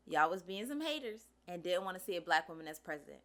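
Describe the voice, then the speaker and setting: A woman's voice: fairly low pitch, big pitch swings, fast talker, a bit bright. A woman hosting a commentary show, talking in a blunt, sassy and profane way. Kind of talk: casual social commentary.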